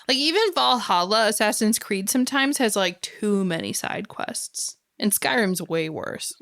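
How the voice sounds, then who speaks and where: A woman's voice: mid-range voice, lively intonation, a little slow, fairly bright tone, no echo, studio quality. A woman co-hosting a film podcast in casual chat, going off on chatty tangents. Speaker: podcast co-host.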